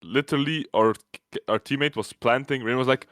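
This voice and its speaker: A man's voice: medium pitch, brisk, a bit bright, no room sound, studio quality. A man co-hosting a casual gaming podcast, telling rambling stories and mimicking other players as he goes. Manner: rambling storyteller, mimics players mid-story. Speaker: podcast co-host. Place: online voice call.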